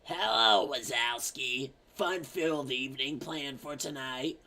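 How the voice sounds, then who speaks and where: A man voicing a grumpy old female slug monster clerk, drawn-out and deadpan, as a cartoon impression. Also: medium pitch. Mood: dry, sardonic.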